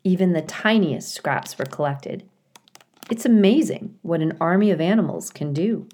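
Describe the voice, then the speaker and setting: A woman reading a children's novel aloud, with slow, careful and expressive phrasing. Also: on the low side. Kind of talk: storybook read-aloud.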